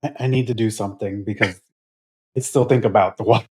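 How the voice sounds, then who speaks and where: A man's voice: fairly low pitch, steady tone, quick pace, breathy edge. A man co-hosting a podcast, who tells chatty anecdotes in casual conversation and laughs along the way. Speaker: podcast co-host. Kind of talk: casual chat.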